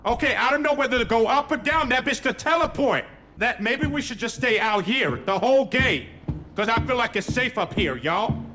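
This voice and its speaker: A young man giving loud, profane, panicky commentary while playing a horror game. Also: extremely high pitch, expressive, normal speed, a little hiss or hum. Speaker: gamer streamer.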